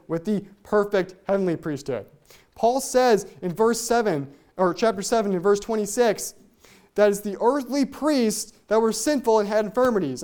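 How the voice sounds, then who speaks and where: Bible teacher, explanatory, asks rhetorical questions, reads old-style scripture aloud, mid-pitched voice. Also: darkish tone. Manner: reads scripture aloud in King James wording.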